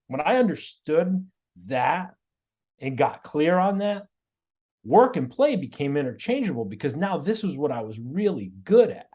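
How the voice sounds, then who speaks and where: A man, a guest on an interview show, tells his stories in an animated way and often repeats words and restarts mid-sentence. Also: a little high, breathy edge. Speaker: guest, auto body shop owner. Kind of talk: storytelling in a podcast interview.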